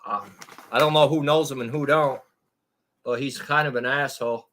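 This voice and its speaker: A man's voice: medium pitch, steady tone, normal speed, a bit bright, a little hiss or hum. A man live streaming and chatting casually with his viewers, rambling in a crude and profane way.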